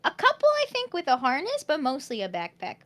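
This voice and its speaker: A woman's voice: high voice, wildly swooping pitch, a little fast, a bit bright. A woman guest on a casual chat stream, answering in a hesitant, thoughtful way.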